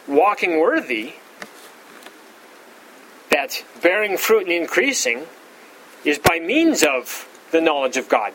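A man's voice: very animated, takes it slowly, pauses often, fairly bright tone, slight background noise, low-quality recording. Man teaching a Bible verse-by-verse sermon. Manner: repeats words, frequent "all right" fillers; rises in pitch for emphasis. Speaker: pastor.

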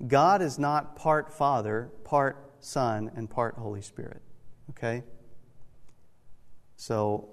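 A man teaching a church Bible class at a middle pitch. He explains points one by one, pausing to ask "okay?" so listeners keep up. His voice carries a long reverb, as in a large hall. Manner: explanatory, repeats "okay?" to check understanding.

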